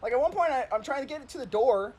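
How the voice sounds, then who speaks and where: A man's voice: extremely high pitch, animated, racing, darkish tone, breathy edge. A man chatting on a stream, telling stories in a rambling way, with lots of "like" and laughing at himself. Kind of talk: casual storytelling chat.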